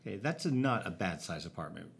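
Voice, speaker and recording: Deep-voiced man with dry quips. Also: sing-song, fast, gravelly, slightly rough. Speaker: podcast co-host and teacher. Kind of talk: casual chat.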